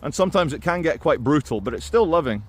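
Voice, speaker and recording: A man talking through his opinions in a casual, animated monologue to camera. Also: on the high side, fast, husky. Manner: conversational and animated, with quoted impressions. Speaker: video commentator.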